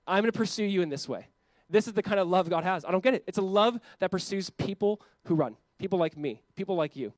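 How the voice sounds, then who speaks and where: Preaching with passion, this young man speaks as a pastor and keeps voicing God in brief quoted asides. His voice sits high, with no echo.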